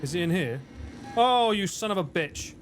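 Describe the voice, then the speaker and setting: A man livestreaming a game, excitable, swearing and laughing often as he chats. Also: high-pitched, normal speed, faint music behind. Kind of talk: casual gaming livestream chat.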